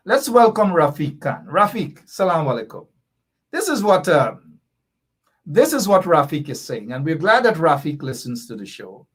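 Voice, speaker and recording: A man's voice: fairly high pitch, big pitch swings, moderate pace, slightly rough. A man hosting a political talk show, emphatic and repetitive, reading out viewer comments and answering them. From Guyana. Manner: emphatic, repeats points, reads viewer comments aloud. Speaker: show host.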